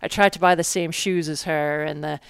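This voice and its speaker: A woman's voice: sits low, fairly even intonation, normal speed, gravelly, clear, resonant tone, no room sound. A woman with an English accent, a former racer telling her story as a guest in a casual interview, rambling with restarts and fillers. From England. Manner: rambling, self-correcting storyteller with frequent fillers. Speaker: guest, former World Cup mountain bike racer.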